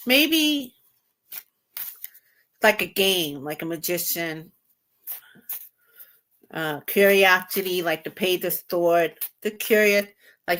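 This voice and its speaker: Slow, halting woman reading tarot. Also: fairly low pitch, a bit bright. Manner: halting, repeats herself, broken grammar. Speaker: tarot reader host. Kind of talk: casual thinking-aloud commentary.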